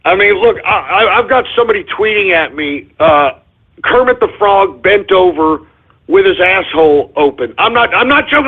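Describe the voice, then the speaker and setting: A male radio show host with a hoarse voice, ranting in exasperation with shouted outbursts, curses and apologies. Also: high voice, animated, moderate pace. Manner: curses, then apologizes for cursing. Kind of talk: ranting call-in radio monologue. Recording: tinny phone-like lo-fi audio.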